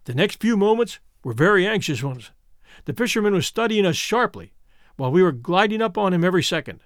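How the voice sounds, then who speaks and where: Expressive male storyteller, high lively voice. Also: fairly quick, no room sound, studio quality. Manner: expressive reading with lively pitch. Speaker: audiobook narrator. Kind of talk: scripted first-person story narration.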